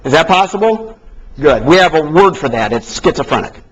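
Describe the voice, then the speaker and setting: A man teaching a live seminar class in an animated, joking way, swinging between emphatic and soft delivery. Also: on the high side, normal speed, slightly rough. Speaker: sales trainer. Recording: dull lo-fi recording.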